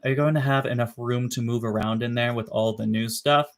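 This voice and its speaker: A young man with a mid-range voice and fairly even intonation chats casually and briskly on a livestream about his reptiles. He rambles, swears freely, and laughs at himself.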